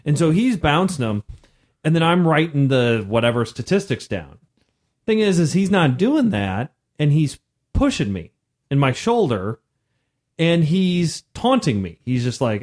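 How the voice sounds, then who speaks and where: Thirties man for podcast chat; lively storyteller, a bit high-pitched, acts out the voices. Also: moderate pace. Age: 30s. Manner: animated, acts out voices in his stories. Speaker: podcast co-host.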